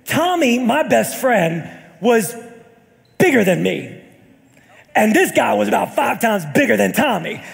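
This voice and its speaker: A young man preaches with a very high, gravelly voice, calling out to his congregation and rising into shouted, sing-song peaks. The sermon is recorded live in a church hall with a long echo. A faint congregation can be heard behind him. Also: very animated, measured pace, long pauses. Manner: storytelling with call-outs to the congregation. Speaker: pastor.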